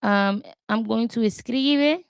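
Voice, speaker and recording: A language-learning vlogger chats casually while she studies, thinking aloud at a very slow pace in a gravelly, medium-pitched voice. She talks to her viewers as "y'all" and tries Spanish words in a careful, halting way. There's no echo.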